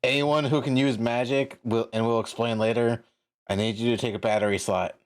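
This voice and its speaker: A man playing a tabletop game, talking in a halting way with restarts. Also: mid-range voice, steady tone. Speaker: player.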